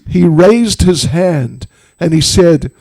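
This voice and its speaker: A man's voice: fairly high pitch, lively intonation, takes it slowly, darkish tone. A man, a spiritual teacher, telling a devotional story to an audience with humorous, chatty asides.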